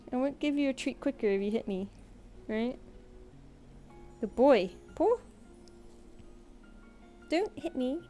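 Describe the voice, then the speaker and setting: A British woman chats loosely on a home live stream, with a mellow, soft-edged tone. She coos at her cat and gives it little commands between asides to her viewers. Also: on the high side. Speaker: artist streamer. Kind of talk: casual live-stream chat. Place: home room.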